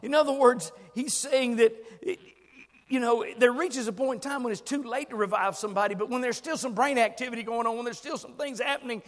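An older man preaching a sermon with passion, swinging from hushed words to shouts. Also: very high voice, a little fast, long reverb tail.

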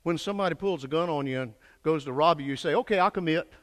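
An older man preaching a fervent sermon, swinging from hushed lines to shouted peaks and calling for answers from the congregation. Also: fairly high pitch, fast talker. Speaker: pastor. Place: church sanctuary. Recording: echoey church hall.

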